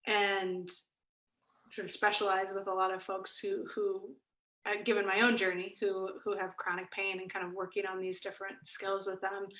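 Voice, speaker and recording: A woman's voice: mid-range voice, bright, forceful tone, roomy sound, rough recording. A woman who coaches meditation, talking casually and hesitantly on a video call, with frequent restarts. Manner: hesitant, many restarts and fillers. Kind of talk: casual conversation.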